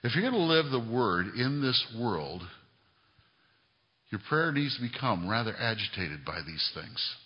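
A man's voice: medium pitch, sing-song, measured pace. Lo-fi preaching man in a reverberant hall. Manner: preaching with rising emphatic peaks and quiet asides. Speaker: pastor. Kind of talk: sermon. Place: church sanctuary.

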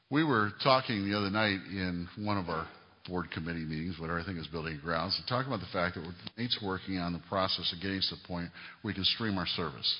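A middle-aged male pastor preaching a sermon, building to emphatic raised peaks and dropping into quiet conversational asides. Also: low voice. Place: church sanctuary. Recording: reverberant hall, lo-fi sound.

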